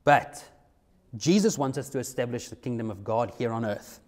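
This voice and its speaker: A man preaching a sermon, emphatic, slowing down to stress key words. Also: mid-range voice, a little mellow.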